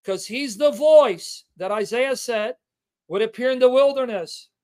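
Male livestream host, very high pitch, emphatic scripture teacher who repeats his points. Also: a little mellow. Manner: emphatic, repeats key words to drive the point home; reads scripture aloud with slow stressed delivery.

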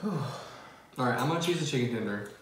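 A man's voice: medium pitch, animated, normal speed. A man with a Southern US accent, leading an eating show in an upbeat, casual way. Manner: upbeat, leads the segments. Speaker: mukbang co-host. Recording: very echoey room, faint noise.

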